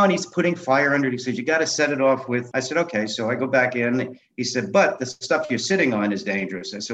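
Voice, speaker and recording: A middle-aged man being interviewed, telling animated stories from his film career and acting out the dialogue. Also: mid-range voice, brisk, a little hiss or hum. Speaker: guest, film director and memoir author. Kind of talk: conversational storytelling interview. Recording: dull lo-fi audio.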